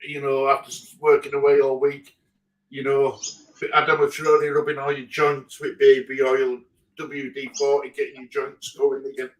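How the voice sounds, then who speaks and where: A man's voice: mid-range voice, completely flat delivery, normal speed. A man hosting a casual chat, chummy and joking. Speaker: host. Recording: voice a bit far from the mic.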